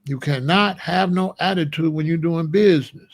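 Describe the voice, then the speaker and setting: A man's voice: fairly high pitch, normal speed, no echo, studio quality. A man giving a blunt, emphatic, scolding monologue to viewers in a live chat, speaking as a commentator.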